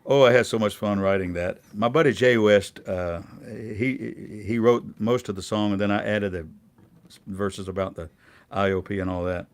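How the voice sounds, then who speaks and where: An older man, a singer-songwriter, chatting casually and rambling quietly between songs on his music show. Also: fairly low pitch, moderate pace. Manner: relaxed, rambling, quiet spoken asides. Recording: guitar music under the voice. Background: acoustic guitar playing.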